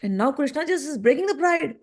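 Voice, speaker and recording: A woman teaching a scripture lesson, telling the story in an animated way and acting out the voices in it. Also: sits high, a little fast.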